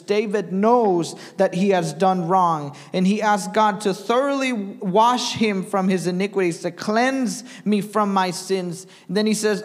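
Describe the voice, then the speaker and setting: A man's voice: high-pitched, a little slow, few pauses, big-room sound. A young man preaching a sermon in church, reading scripture aloud and asking the congregation questions. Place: church sanctuary.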